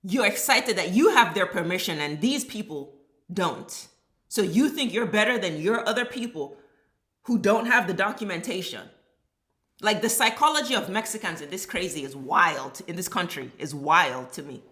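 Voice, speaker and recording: A woman's voice: lowish voice, animated, normal speed, a bit bright, echoey room. A woman vlogger delivering a blunt, heated, profane commentary rant. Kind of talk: ranting social commentary.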